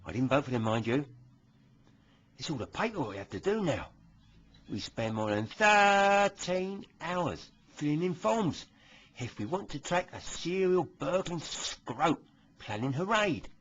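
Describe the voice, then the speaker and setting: A man doing a smug, husky copper. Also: a little high, very animated, a little slow, fairly bright tone, highs cut off, exaggerated voice. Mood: smug gossip. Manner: chatty, nudging tag questions. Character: smug bigoted male British police constable. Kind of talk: satirical comic monologue.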